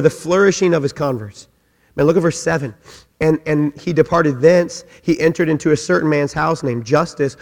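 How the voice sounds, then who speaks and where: Male pastor, high-pitched, fervent repetitive preaching; church hall with long reverb. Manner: emphatic repetitive preaching, rising to loud peaks. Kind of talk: sermon.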